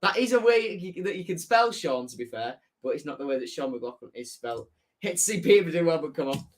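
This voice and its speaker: A man's voice: a little high, animated, fairly quick. A young man with a Hull accent hosting a casual football live stream, chatting and reading out viewer messages. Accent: Hull, Yorkshire. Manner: chatty, reads out chat messages, self-correcting. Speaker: football fan channel host.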